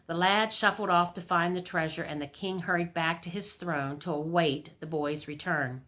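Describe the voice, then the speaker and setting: A woman reads a fractured fairy tale aloud for a library storytime. Her slightly low voice stays lively and expressive. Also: normal speed, few pauses.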